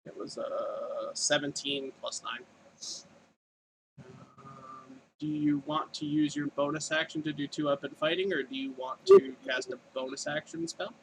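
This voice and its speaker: A man's voice: fairly high pitch, lively intonation, a little slow, gravelly, a little hiss or hum, poor audio. A man running a tabletop game as dungeon master, casually tallying dice rolls and narrating the fight. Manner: casual, rolling dice and tallying damage aloud.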